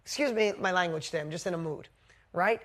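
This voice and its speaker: Female coach, live motivational talk, blunt and high-energy, salty language. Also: quick pace. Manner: energetic, blunt, swears casually. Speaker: business coach. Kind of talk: motivational storytelling to a live group.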